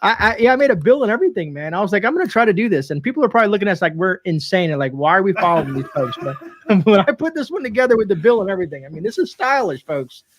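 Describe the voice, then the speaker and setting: A man's voice: high-pitched, big pitch swings, very fast, dry recording. Easygoing laughing man, dry sound. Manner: laughs easily, rambling, reads chat aloud. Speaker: preparedness channel host. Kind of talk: casual live-stream chat.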